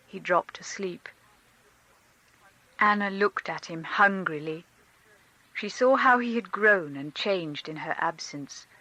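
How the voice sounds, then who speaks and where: A woman reading a classic novel aloud in a measured, expressive narration. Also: lowish voice, no room sound, low-quality recording. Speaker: audiobook reader.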